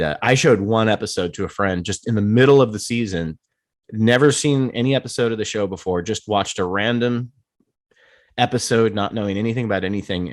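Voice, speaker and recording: A man's voice: on the low side, no echo, clean studio sound. A man hosting a casual podcast, rambling and swearing freely as he trails through his thoughts. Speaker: host.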